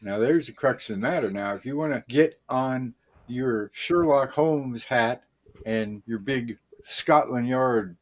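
A man's voice: mid-range voice, unhurried. A man co-hosting a comedy podcast, explaining things in folksy, ungrammatical talk with mock authority. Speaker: podcast co-host.

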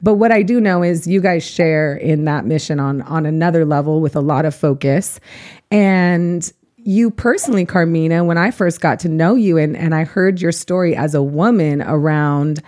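A woman with a somewhat low voice hosting an easygoing interview. She speaks to her guests in a warm, encouraging way. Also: normal speed. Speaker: host. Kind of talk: casual interview.

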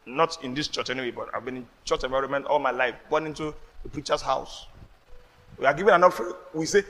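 A Nigerian-accented pastor preaches a sermon in church, animated and quick, with a medium-pitched voice. He slips into pidgin asides and laughs, and the sound carries the feel of a large hall.

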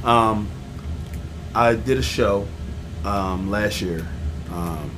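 A man's voice: lowish voice, extremely slow, background noise. A young man, telling a long story on a casual podcast, with many ums and acted-out voices for the people in it. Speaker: podcast co-host.

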